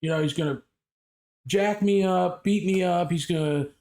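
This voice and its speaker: In a group voice chat with friends, a streamer with a high-sitting voice tells a story at normal speed. He retells it with animation, acting out the quoted lines.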